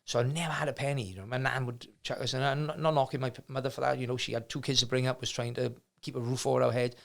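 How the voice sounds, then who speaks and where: A man's voice: mid-range voice, little pitch movement, racing, gravelly, fairly bright tone. A middle-aged man, telling his life story as a guest in a casual chat, rambling with many restarts. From Wales. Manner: rambling, many restarts, acts out quoted people. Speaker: martial arts gym owner, guest.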